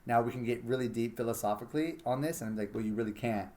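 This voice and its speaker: A man's voice: medium pitch, quick pace, warm tone. Man, solo talk, casual, blunt, swears freely, acts out his own thoughts, mid-range voice. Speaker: podcast host.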